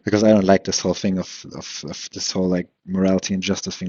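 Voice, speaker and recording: A young man talks alone into a home mic, rambling, cursing and tripping over restarts, with a slight lisp that slurs his words. His voice sits low and a bit husky. The recording is dry and dull, like a cheap setup in a small room. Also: flat delivery, quick pace, a little mellow, no room sound. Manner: rambling, profane, self-deprecating, lots of fillers and restarts. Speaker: podcast host. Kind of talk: solo rambling podcast.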